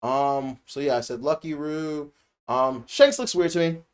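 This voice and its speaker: A man's voice: on the high side, unhurried, smooth. Rambling male anime reviewer. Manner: rambling, repeats himself, emphatic. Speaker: anime reviewer and channel host. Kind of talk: casual spoken review.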